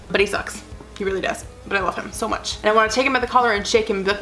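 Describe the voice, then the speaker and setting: A woman's voice: medium pitch, fairly even intonation, racing, pushed and bright, soft background music. A young adult woman chatting casually as a vlogger, rambling earnestly with lots of "like" fillers. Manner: rambling, full of "like" fillers, gushing; emotional, earnest. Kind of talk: casual chat.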